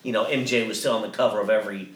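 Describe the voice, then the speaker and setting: Low-voiced man rambling in an echoey room. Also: steady tone, distant mic. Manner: rambling, halting, swears casually. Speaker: podcast co-host. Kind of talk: casual storytelling chat.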